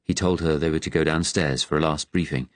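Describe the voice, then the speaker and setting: A man reading a novel aloud in measured, even-toned narration. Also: very deep voice, no echo. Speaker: audiobook narrator. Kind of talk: scripted audiobook narration.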